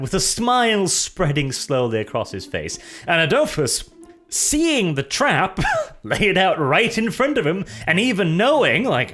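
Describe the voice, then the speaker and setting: A man casually retelling lore as a storyteller, animated and jokey, with asides and laughter. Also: on the high side, unhurried.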